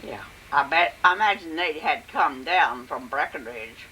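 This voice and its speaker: A woman's voice: low voice, expressive, sharp tone, a little hiss or hum, poor audio. Older woman telling family stories. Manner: plain, unhurried narration with frequent "and, uh". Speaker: interviewee recalling family history. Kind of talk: oral history storytelling.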